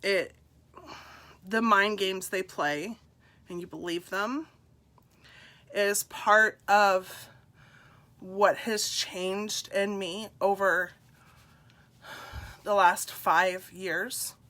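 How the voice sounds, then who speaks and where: A middle-aged woman with a drawl talks unhurriedly and warmly to her live-stream viewers, her bright, clear tone a little stuffed up from congestion. She confides in them and greets each by name. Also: medium pitch, steady tone, extremely slow, pauses often. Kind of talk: personal live-stream talk.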